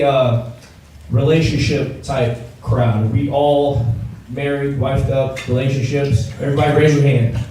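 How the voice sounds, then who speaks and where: High-voiced comedian in an echoey room. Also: male voice, noisy background. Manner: loose, joking, chatty with the audience. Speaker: stand-up comedian. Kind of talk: stand-up comedy set with crowd work. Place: event venue before a live audience. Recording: echoey room from far off, loud crowd.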